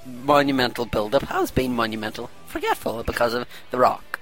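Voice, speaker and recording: Lively bright-voiced joking man. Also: mid-range voice, a little fast, soft background music, low-quality recording. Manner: teasing, laughs often. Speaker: podcast co-host. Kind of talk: casual wrestling chat.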